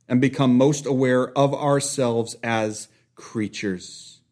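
Slow, deliberate preaching man. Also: mid-range voice. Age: young adult or middle-aged, a father. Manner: deliberate, with long dramatic pauses and drops to a hush. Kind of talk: sermon.

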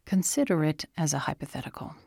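Woman doing a calm, measured mentor. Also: fairly high pitch, gravelly, no echo, studio quality, full character voice.

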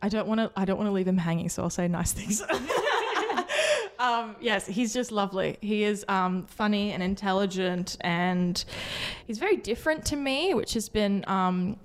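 A woman's voice: medium pitch, normal speed, a little hiss or hum. A young woman, a podcast guest chatting casually and laughing often. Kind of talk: casual chat.

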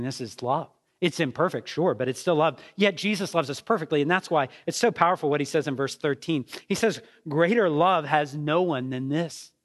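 A man's voice: a little high, fairly bright tone. A middle-aged man, a pastor, preaching an earnest, conversational sermon full of rhetorical questions.

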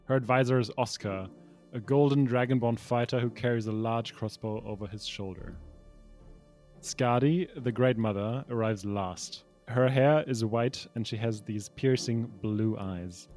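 A man's voice: medium pitch, unhurried, darkish tone, soft background music. A young adult man as game master, reading pre-written narration for a tabletop game with small slips and restarts.

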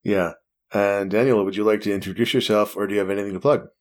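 A man with a somewhat low voice hosts a casual podcast. He talks fast and cracks dry jokes with his guests. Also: fairly even intonation. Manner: fast-talking, joking. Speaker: podcast host. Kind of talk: casual chat.

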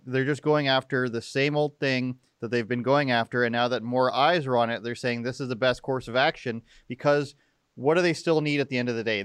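A man's voice: medium pitch, clean tone, no echo, studio quality. A young man hosting political commentary, sarcastic and mocking as he picks apart statements. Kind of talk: opinionated live commentary.

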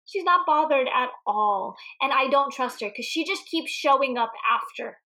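High-voiced, giggly woman ranting about a movie. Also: moderate pace, a little hiss or hum. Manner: giggly, animated, swears freely. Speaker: podcast co-host. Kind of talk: casual movie discussion.

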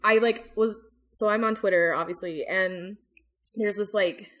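A woman's voice: medium pitch, fairly even intonation, unhurried, a bit bright. A young woman co-hosting a podcast, chatting casually with lots of fillers and swearing. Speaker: podcast co-host. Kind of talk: casual chat.

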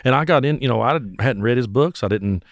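A man, a musician telling stories in an animated, casual way. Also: medium pitch, quick pace, no room sound, clean studio sound. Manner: animated, acts out voices. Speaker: musician guest. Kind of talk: casual storytelling.

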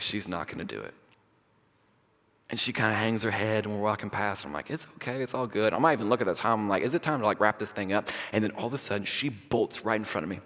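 Animated young pastor in a big reverberant hall. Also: male voice, mid-range voice. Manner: animated, self-deprecating storytelling with laughs and acted-out quotes. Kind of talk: storytelling sermon. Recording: long reverb of a large hall.

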